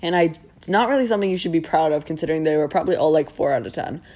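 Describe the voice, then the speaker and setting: A young woman chatting casually with friends, her voice sitting a little low. She rambles through her stories with a sarcastic edge and keeps breaking into giggles. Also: animated, racing, dark tone. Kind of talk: casual chat among friends.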